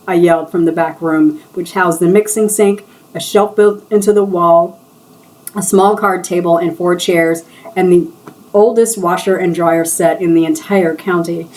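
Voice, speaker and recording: A woman with a lowish voice reads aloud from her own novel. She voices each character's dialogue in a different way. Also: fairly even intonation, normal speed, a little mellow, rough recording. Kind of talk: live book reading.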